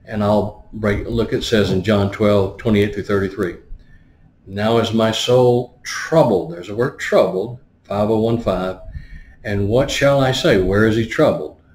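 A man's voice: lowish voice, moderate pace, darkish tone. Man preaching in an echoey room. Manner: explains word by word, stops to ask "right?". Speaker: pastor. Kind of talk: sermon teaching.

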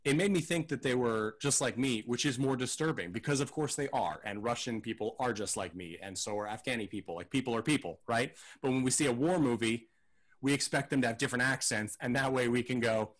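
This man sounds like a podcast co-host picking apart a movie. He thinks out loud, circling back with plenty of ums and restarts. His pitch sits at an ordinary middle. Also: brisk. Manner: rambling, hesitant, thinks aloud with many fillers. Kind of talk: casual film discussion.

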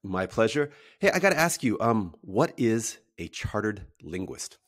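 A man hosts a casual podcast interview in a low, deep voice. He is upbeat and friendly and leans on easy fillers as he steers the conversation. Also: very animated, measured pace, a bit bright. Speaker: podcast host.

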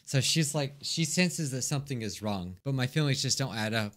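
A young man playing a visual novel on video, reading it aloud and breaking off with excitable, stammering reactions. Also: mid-range voice, moderate pace. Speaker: gaming YouTuber. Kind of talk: let's-play commentary and reading aloud.

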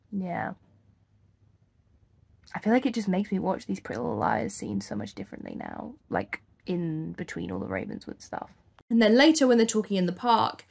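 Young woman rambling through a tv show recap, middle pitch, animated, acting out what characters say. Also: vocal fry. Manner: chatty and animated, acts out quotes. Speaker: YouTube host. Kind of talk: casual recap commentary.

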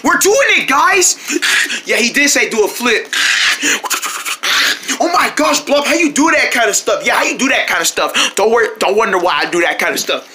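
A channel host playing several characters in a silly kids' skit, switching between goofy voices and bursting into shouts and squeals. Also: mid-range voice, animated, brisk, a little hiss or hum.

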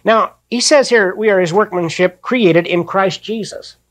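High-voiced older man preaching. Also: fairly bright tone. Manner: reads scripture slowly, then preaches in plain folksy talk. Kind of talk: sermon.

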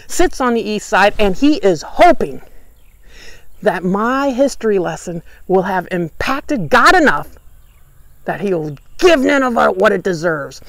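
A woman leads a Bible study lesson in a church, telling the story with lots of energy. She acts out the characters' lines as she goes. Her voice sits at an average pitch, and the recording is dry and close with almost no room sound. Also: creaky, no room sound.

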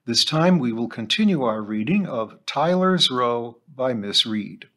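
A man hosting a book club program who reads a novel aloud with expressive storytelling. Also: medium pitch, unhurried. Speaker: host reading a novel aloud.

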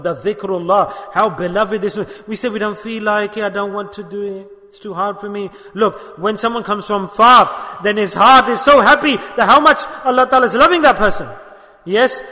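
A man with a high voice preaches a sermon, asking question after question and moving between hushed and loud passages. His voice rings through a large hall with a long echo. The recording sounds muffled and lo-fi. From United Kingdom. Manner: impassioned, rhetorical questions, shifts between soft and loud. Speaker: sheikh giving a religious talk.

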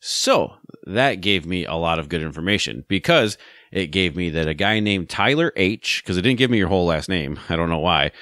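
Low-voiced rambling man telling a story. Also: expressive, normal speed, a bit bright, no room sound. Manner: rambling, many fillers and restarts. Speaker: podcast host. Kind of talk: casual storytelling chat.

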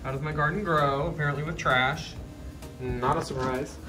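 A man's voice: on the high side, fairly even intonation, moderate pace, music in the background. A man in drag giving a campy, sassy backstage tour of theatre dressing rooms, quipping and laughing with castmates. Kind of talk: casual backstage vlog.

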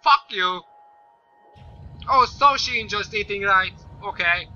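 A man doing let's-play commentary, swearing often and yelling at the game. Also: high-pitched, takes it slowly. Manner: swears a lot, yells at the game. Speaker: gaming YouTuber. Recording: slightly dull lo-fi mic with faint noise.

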